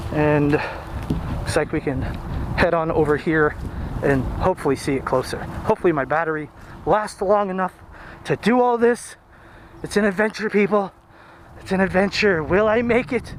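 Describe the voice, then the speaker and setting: A man vlogging as he walks through a city park, chatty and excited, rambling as he films on a handheld camera. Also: high-pitched, moderate pace, long pauses, a little hiss or hum. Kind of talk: casual walking tour narration.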